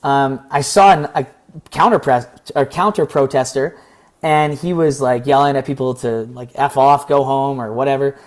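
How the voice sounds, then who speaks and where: A young man from Canada, talking through a personal story in a casual, rambling vlog, his voice slightly hoarse. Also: medium pitch, fairly even intonation, moderate pace. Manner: earnest, rambling, acts out quoted exchanges. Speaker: vlogger.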